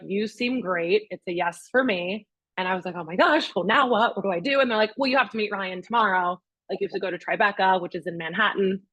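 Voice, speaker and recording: A woman's voice: mid-range voice, no echo. A young adult woman, a real estate agent, telling a personal story at a master class and acting out her own past words and other people's. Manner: animated storyteller, quotes herself and others.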